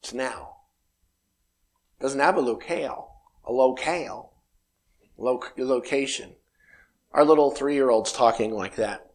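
A man's voice: medium pitch, slow, pauses often. A man in his fifties giving a reflective spiritual talk, meandering and acting out bits of dialogue. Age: 50s. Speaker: spiritual speaker.

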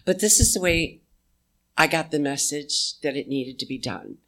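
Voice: medium pitch, lively intonation, creaky, sharp tone. A speaker giving a spiritual talk to a live audience, reflective and conversational, with a folksy manner. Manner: slow, reflective, conversational, with pauses; folksy, uses "y'all". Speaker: inspirational speaker.

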